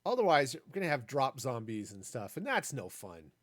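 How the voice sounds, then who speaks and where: A man's voice: medium pitch, very animated, moderate pace, a bit bright, no echo, clean studio sound. Rambling man streaming a building game. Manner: rambling, jokey asides. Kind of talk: casual gameplay commentary.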